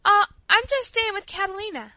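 A woman's voice: very high voice, a little fast, sharp tone, no room sound, pitched above the performer's own voice. Woman doing a pleading, sweet young girl. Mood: cheerful. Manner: pleading, coaxing. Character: eager tender-hearted young girl.

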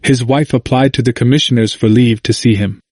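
A man narrating an old history in a measured, formal reading. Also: medium pitch, fairly even intonation, a little mellow, slightly rough, no echo.

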